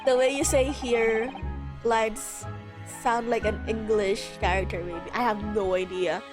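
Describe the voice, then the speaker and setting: A woman's voice: mid-range voice, fairly even intonation, a little slow, over music. A woman streamer who reads a game aloud and comments on it in a casual, blunt way, swearing now and then. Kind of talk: live game read-along with commentary.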